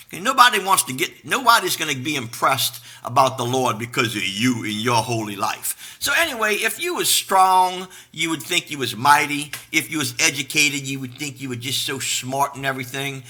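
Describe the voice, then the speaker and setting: A man's voice: mid-range voice, big pitch swings, a little fast, pushed and bright. A man pastor preaching a casual live-streamed sermon, folksy and unpolished, greeting viewers by name. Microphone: live stream to a camera.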